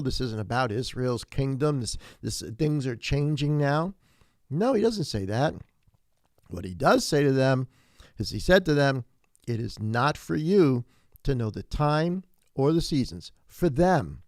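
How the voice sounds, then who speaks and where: Male pastor mid-sermon, mid-pitched, close and dry mic, preaches with climbing emphasis. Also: no echo. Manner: animated preaching, rising to emphatic peaks, frequent restarts.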